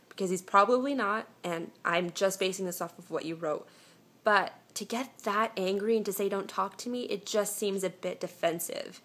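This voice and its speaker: A young woman vlogging from home on a phone camera, answering viewer questions with chatty, reassuring relationship advice full of "um"s and restarts. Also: mid-range voice. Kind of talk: casual advice chat.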